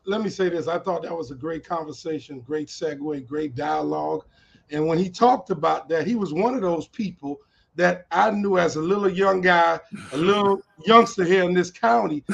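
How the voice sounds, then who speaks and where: A man's voice: high voice, creaky, fairly bright tone. A man speaking at a candidates' forum in an emphatic, folksy, repetitive way. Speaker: political candidate. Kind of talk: forum speech. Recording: muffled lo-fi sound.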